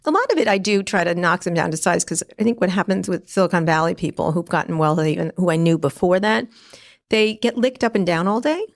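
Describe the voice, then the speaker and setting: Brief: middle-aged woman, rapid-fire blunt storyteller, gravelly edge, salty and direct. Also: fairly low pitch. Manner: blunt, profane, fast anecdotes with laughs. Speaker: guest, tech journalist. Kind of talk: casual storytelling interview.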